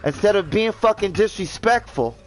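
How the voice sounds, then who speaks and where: A man's voice: high-pitched, animated, moderate pace, over music, rough recording. A man ranting indignantly in casual commentary, swearing and repeating himself as he stumbles over words. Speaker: gaming vlogger.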